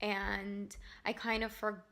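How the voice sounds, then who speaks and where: A woman's voice: medium pitch, flat delivery, takes it slowly, creaky, dry recording. A young woman vlogging in a casual, rambling chat, out of breath and filling her talk with "like". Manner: chatty and rambling, many "like" fillers. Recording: loud background noise.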